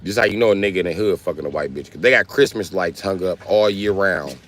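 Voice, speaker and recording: A man hosting a livestream, chatting casually and telling stories in a profane, animated way. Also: low-pitched, quick pace, slight background noise. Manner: profane, animated storytelling with voiced asides. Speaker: livestream host.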